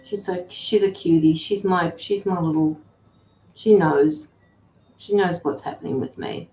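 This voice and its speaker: A woman's voice: fairly low pitch, unhurried, mellow. Chatty woman streaming in an echoey room. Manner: chatty and affectionate, fussing over her dogs. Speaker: intuitive tarot reader and medium. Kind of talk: casual livestream chat with viewers. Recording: roomy echo with faint music.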